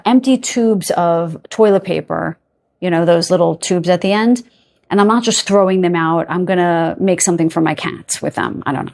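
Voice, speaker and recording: A woman's voice: fairly low pitch, a little mellow. Chatty woman giving a tarot reading. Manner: chatty, peppers talk with "okay?" and "right?"; rambling with playful filler sounds. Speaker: tarot card reader. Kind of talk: casual pick-a-card tarot reading.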